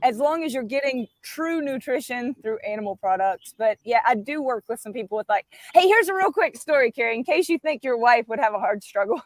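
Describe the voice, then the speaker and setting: A woman with a high voice talks on a dry, close video call. She tells lively stories as a diet coach and drops playful little asides. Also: a little fast, no room sound. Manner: animated storyteller, playful asides. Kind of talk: casual live-stream chat.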